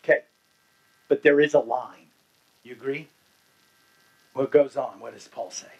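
A man preaching a sermon as pastor, swinging between hushed lines and loud ones and asking the congregation questions. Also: medium pitch, fairly even intonation, measured pace, muffled recording.

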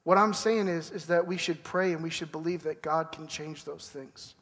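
A man's voice: fairly high pitch, steady tone, moderate pace, fairly bright tone, in a large hall. A man preaching a sermon in a conversational way, acting out quoted people as he goes. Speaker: pastor.

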